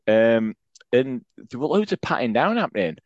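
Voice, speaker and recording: A man's voice: medium pitch, very animated, no room sound, muffled recording. A man, co-hosting a casual podcast, talking and laughing easily. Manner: chatty, quick to laugh. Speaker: podcast co-host. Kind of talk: casual chat.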